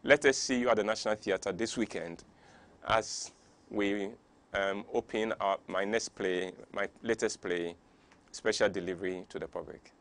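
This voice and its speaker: A man's voice: on the low side, fairly even intonation, moderate pace, fairly bright tone. A man from Ghana with a Ghanaian English accent hosting a talk show, delivering an impassioned monologue full of rhetorical questions. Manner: preachy, fires off rhetorical questions; gets worked up.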